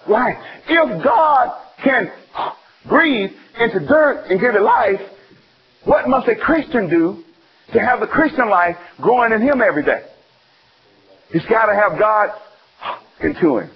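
A man from Alabama, preaching an animated sermon full of questions to his listeners. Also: sits high, a little slow, long pauses, slightly rough. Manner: animated, call-and-response, exclaiming. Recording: dull lo-fi sound.

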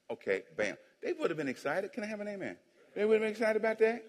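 Fast and high-voiced, with big swings in pitch, a pastor jokes his way through a playful sermon and keeps prompting the congregation for amens. The sound is a church sanctuary with long hall reverb.

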